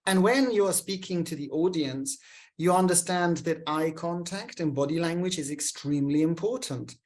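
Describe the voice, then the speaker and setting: A man hosting a show, giving energetic, emphatic coaching on public speaking. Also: a little high, normal speed. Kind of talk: coaching monologue.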